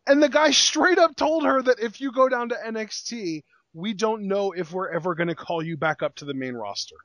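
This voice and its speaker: Exasperated podcast man, slightly high voice. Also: normal speed, fairly bright tone, no echo, lo-fi sound. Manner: exasperated, rhetorical questions. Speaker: podcast co-host. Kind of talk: casual wrestling podcast chat.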